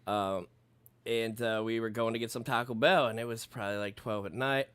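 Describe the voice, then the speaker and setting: A man's voice: fairly low pitch, fairly quick, clean tone, dry recording. A man casually telling a story in a podcast chat, cursing freely and acting out what people said. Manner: profane, animated storyteller acting out quotes.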